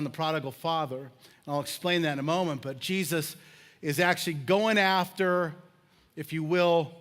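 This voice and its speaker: A man preaching a sermon in a church, telling personal stories with lively acted-out moments. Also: on the high side. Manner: animated storytelling, acts out scenes with shouts and laughs. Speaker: pastor. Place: church sanctuary.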